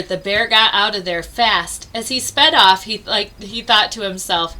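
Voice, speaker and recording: A woman reading a children's storybook aloud with expressive delivery and dramatic pauses. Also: mid-range voice, a little hiss or hum, poor audio. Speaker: storybook reader.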